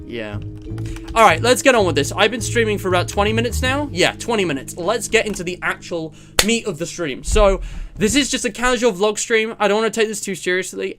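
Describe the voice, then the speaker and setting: A man from England chatting casually on a live stream, rambling with lots of fillers and self-deprecating asides. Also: high voice. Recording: music playing under the voice.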